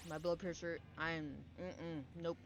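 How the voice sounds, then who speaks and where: A woman's voice: low voice, little pitch movement, a little slow, slight background noise. A young woman streamer chatting casually to her viewers, candid and rambling, often laughing and swearing. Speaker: game streamer.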